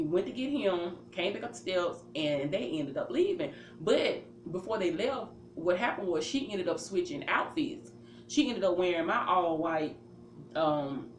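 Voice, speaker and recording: A woman with a lower voice tells a personal story in an easy, casual way. She acts out her own reactions and leans on fillers like "you know" and "um" as she talks. The room is echoey, with a faint hum of ambient noise behind her. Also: a little mellow.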